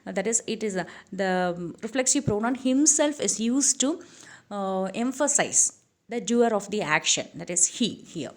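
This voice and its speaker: A woman teaching English grammar, who fills her explanations with "uh" and restarts and repeats each example slowly. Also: mid-range voice, expressive. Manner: many "uh" fillers and self-corrections, repeats the examples slowly.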